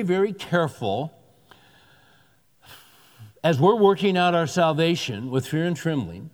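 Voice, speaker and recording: A pastor preaching a sermon in a conversational, emphatic way, repeating key words for weight. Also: male voice, high voice. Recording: long hall reverb.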